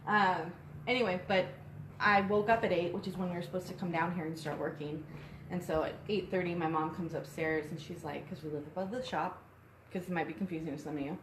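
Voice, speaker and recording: A woman's voice: on the low side, fairly even intonation, brisk. A young woman talking in a loose, rambling way, with plenty of "um"s, and audibly winded. She is recorded on a phone in an echoey little shop, with a faint hiss underneath. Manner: chatty, rambling with many fillers. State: out of breath. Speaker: co-host and shop co-owner. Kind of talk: casual live-stream chat. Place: inside a small shop. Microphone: phone on a tripod. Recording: echoey room with faint noise.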